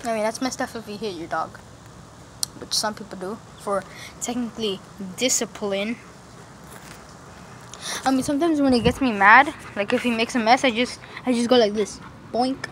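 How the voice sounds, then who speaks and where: A woman's voice: a little high, normal speed, long pauses. A woman vlogging casually outdoors into a phone camera, rambling with slang and lots of fillers. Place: outdoors in a yard near a road. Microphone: phone camera held facing self. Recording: outdoor phone recording with traffic noise. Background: street traffic and outdoor ambience.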